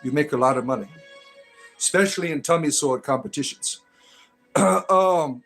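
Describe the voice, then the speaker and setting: A man's voice: mid-range voice, moderate pace, a bit bright, faint music behind. A man hosting a casual live stream, rambling and joking as he greets viewers by name.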